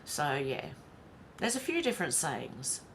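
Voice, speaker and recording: A woman's voice: deep voice, wildly swooping pitch, measured pace, a little hiss or hum. A woman from Australia with an Australian accent, hosting a live stream in a casual, chatty way, often laughing to herself as she reads out viewer comments. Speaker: livestream host.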